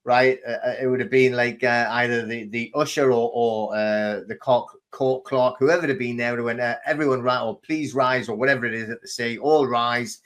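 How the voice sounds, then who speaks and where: A man hosting a casual interview, asking questions in a halting way with many restarts and fillers. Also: mid-range voice, steady tone, fairly bright tone. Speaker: host.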